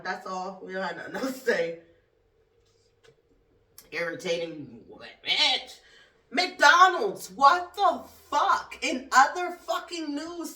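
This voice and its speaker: A woman's voice: fairly high pitch, bright, forceful tone. A woman hosting a podcast, ranting in casual comedy style, profane and laughing often as she talks. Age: adult with a school-age son. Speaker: podcast host. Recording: roomy echo, distant from mic.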